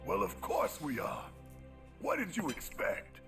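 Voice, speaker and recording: A calm, knowing old sage in a video game. His voice is gravelly and fairly high, and it sweeps up and down with great expression. He speaks in a gently instructive way. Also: a little slow, faint music behind, exaggerated voice.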